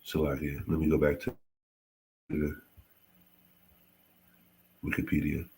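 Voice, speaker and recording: A man hosting a casual livestream history lesson, halting and often correcting himself. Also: very deep voice, completely flat delivery, darkish tone, husky. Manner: halting, frequent self-corrections and apologies. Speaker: host teaching history on a livestream.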